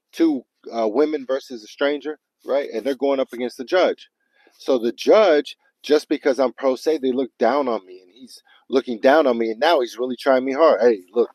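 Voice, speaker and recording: A frustrated man ranting live to his viewers, swearing freely and turning to the audience with questions. His voice sits at an ordinary middle pitch. The sound is dry and close, with no room echo. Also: a little mellow. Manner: frustrated, profane, talks straight to viewers. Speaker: father livestreaming to viewers. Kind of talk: casual livestream rant.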